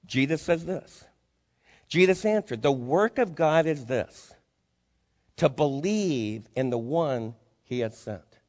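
A male pastor delivers a sermon from the pulpit, throwing rhetorical questions at his congregation. His voice sits somewhat high for a man. The sound carries a long reverb from a large church hall. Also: lively intonation, slow, darkish tone. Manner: preaching with rising intensity, rhetorical questions to the congregation. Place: church sanctuary.

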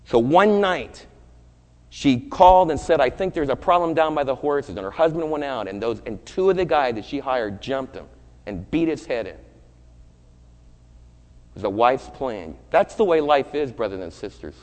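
A man's voice: medium pitch, sing-song, moderate pace. A preaching man in a reverberant hall. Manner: swings from loud urgent preaching to hushed storytelling. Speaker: pastor. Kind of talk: sermon.

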